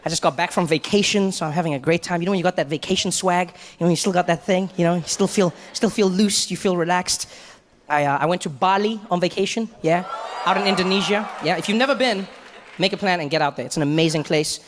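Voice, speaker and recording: A man doing relaxed stand-up comedy, chatting with the crowd and acting out his friends' voices. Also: high voice, fast, in a large hall, a little hiss or hum. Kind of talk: stand-up storytelling.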